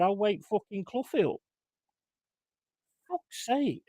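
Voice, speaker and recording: A man calls a football match live for his fan watchalong and breaks into exasperated, swearing rants. His voice sits a little high. The sound is dry and close. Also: animated, takes it slowly, a little mellow, dry recording. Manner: swearing, exasperated ranting outbursts. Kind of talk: live match commentary and chat.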